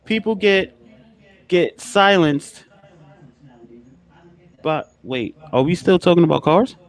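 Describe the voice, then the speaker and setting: A man in casual podcast talk, animated and swearing, who acts out other people's lines and repeats words as he speeds up. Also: sits high, slow.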